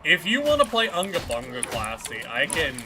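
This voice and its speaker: A man's voice: on the high side, wildly swooping pitch, normal speed, noisy background. Profane, rambling male game streamer. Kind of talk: casual chat while gaming. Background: game music.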